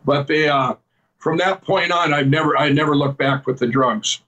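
A man's voice: fairly high pitch, moderate pace, fairly bright tone, dull audio. A man guest telling his personal testimony in a rambling, earnest way, often repeating "I said" as he retells conversations and laughing at his own story.

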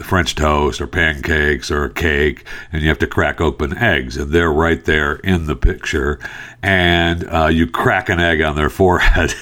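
A man hosting a talk show, rambling and laughing in an animated, exasperated manner. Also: sits low. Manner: rambling with restarts and fillers. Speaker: podcast host. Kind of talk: casual opinion talk.

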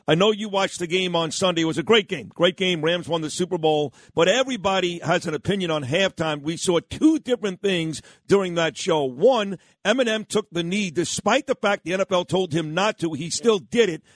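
A man hosts a morning radio talk show, upbeat and effusive. His voice sits a little high. The studio sound is close and dry. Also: fairly quick, few pauses, dry recording.

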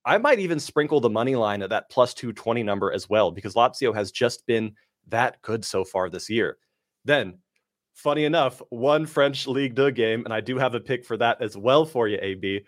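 Male analyst, dry close sound, brisk confident stat-heavy delivery. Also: medium pitch, animated, no room sound. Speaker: soccer betting analyst. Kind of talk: sports betting analysis.

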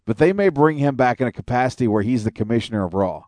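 A man's voice: medium pitch, lively intonation, fast, a little mellow, dry recording, studio quality. A man co-hosting an internet radio show, trading blunt, joking, profane remarks about wrestling. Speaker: podcast co-host. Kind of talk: casual wrestling talk.

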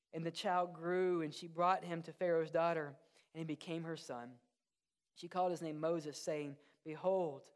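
A man, a pastor, preaching a sermon in an animated way, moving from loud, excited asides to hushed, earnest passages. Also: on the high side.

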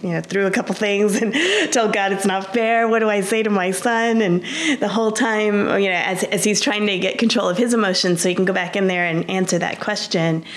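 A woman guest earnestly recounting a personal story in an interview, often restarting her sentences. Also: medium pitch. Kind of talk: personal testimony.

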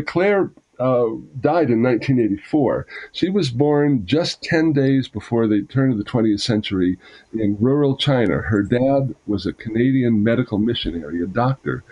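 A man's voice: mid-range voice, darkish tone, breathy edge, dull audio. A man reading aloud from a memoir, then explaining it with fillers and restarts.

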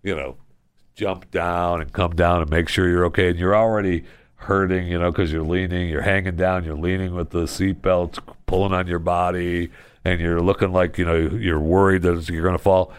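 A man filling in as a talk radio host, telling stories in an animated way and chuckling often. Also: low-pitched, moderate pace, clear, resonant tone, no room sound.

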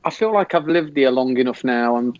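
A man's voice: medium pitch, fairly quick, no echo, dull audio. A man with an English accent telling a rambling, laughing story as a podcast guest. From England. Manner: rambling, laughing, animated retelling. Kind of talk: casual storytelling. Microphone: video call.

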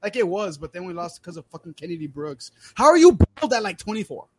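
Texan co-host, high voice, wide swings, profane storyteller. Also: male voice, very animated, fast, dry recording. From Texas. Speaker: podcast co-host. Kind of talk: casual storytelling chat.

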